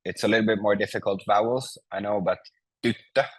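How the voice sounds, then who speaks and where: A man leads an online language lesson over a video call. His voice sits on the low side, and he speaks patiently, pausing with fillers and restarting his sentences as he explains. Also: steady tone, poor audio. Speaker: Finnish teacher. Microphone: video call mic.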